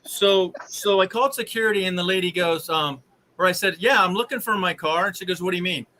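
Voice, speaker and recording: Man, exasperated storyteller, bright tense tone, slightly high voice, faint hiss. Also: fairly quick, low-quality recording. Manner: rambling, exasperated, animated retelling. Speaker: live stream host. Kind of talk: casual storytelling to live viewers.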